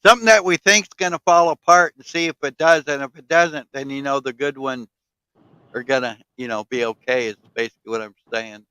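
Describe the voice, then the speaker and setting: A man's voice: medium pitch, a little fast, bright, forceful tone, smooth, muffled recording. A man in casual chat, telling rambling stories with fillers, swearing and frequent laughter.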